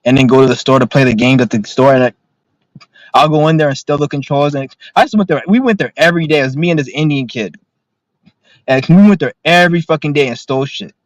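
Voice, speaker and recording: A young male vlogger talks casually to the camera from his car, his voice on the high side and quick, rambling and swearing through agitated, blunt stories. The recording is low quality with no echo.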